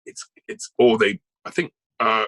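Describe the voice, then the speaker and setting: A man's voice: on the low side, a little slow, a bit bright, no echo, rough recording. A man, an actor and voice artist, chatting as an interview guest and rambling through his news with many asides. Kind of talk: casual interview chat.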